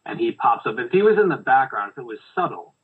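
A man's voice: mid-range voice, very animated, fast talker, slightly rough. A man co-hosting a casual movie review podcast, rambling and hesitant, heard over a tinny phone-like line. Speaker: podcast co-host.

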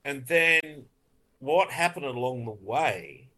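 A man's voice: medium pitch, lively intonation, slow, pushed and bright. A man, a film editor telling rambling, laughing stories in an interview and swearing freely. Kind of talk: casual interview storytelling.

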